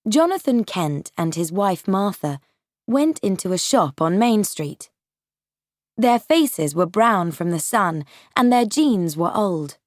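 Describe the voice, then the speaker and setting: A woman narrating an audiobook for English learners, slow, clear and carefully paced. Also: medium pitch, sing-song, no echo, studio quality. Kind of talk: scripted narration of a graded reader.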